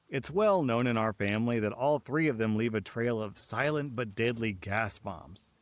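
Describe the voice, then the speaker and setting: A man reading online stories aloud as scripted narration, steady and even with light emphasis. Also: fairly low pitch.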